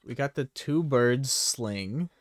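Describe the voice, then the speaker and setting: A man's voice: mid-range voice, animated, takes it slowly. A man running a tabletop game, chatting playfully and narrating a pet cat's antics. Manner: playful, narrates a cat in silly voices. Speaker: game master. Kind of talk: casual chat.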